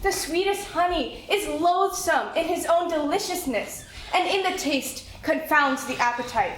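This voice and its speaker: Woman acting solemn friar giving advice, high voice, measured, echoey hall. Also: fairly bright tone. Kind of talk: live stage acting. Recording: echoey hall, faint noise.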